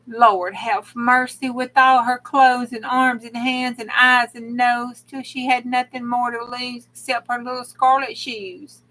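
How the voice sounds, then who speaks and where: A woman's voice: a little high, sharp tone, low-quality recording. A woman, a crafting channel host who reads old rhymes aloud with dramatic gasps and exclamations between verses.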